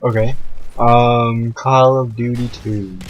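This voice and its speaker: A man's voice: medium pitch, little pitch movement, takes it slowly, muffled recording, slight background noise. Man giving short cues in game chat. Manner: brief, prompts the other with short cues. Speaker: co-commentator. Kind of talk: casual gaming chat.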